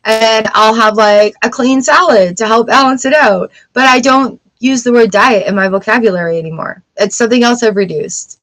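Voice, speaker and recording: A woman's voice: fairly high pitch, moderate pace, hardly any pauses, fairly bright tone, rough recording. A woman hosting a livestream, talking candidly and encouragingly in a casual advice chat. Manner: candid, encouraging, self-talk asides. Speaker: tarot livestream host.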